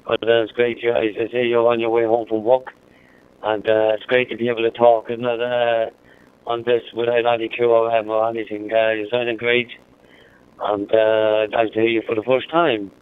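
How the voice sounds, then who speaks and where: Irish man, radio chat, flat steady pitch, smooth clear voice, phone-like radio sound. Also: normal speed. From Ireland. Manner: warm-mannered, repeats his call sign. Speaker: amateur radio operator. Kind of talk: casual radio contact chat. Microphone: mobile radio. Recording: narrow-band two-way radio audio.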